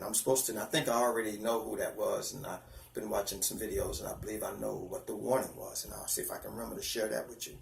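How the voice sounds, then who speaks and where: A man in his fifties sharing a personal spiritual testimony, earnest and halting, often restarting his sentences and close to tears. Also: fairly low pitch, fairly even intonation, gravelly, roomy sound. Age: 50s. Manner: earnest, halting, with repeated false starts.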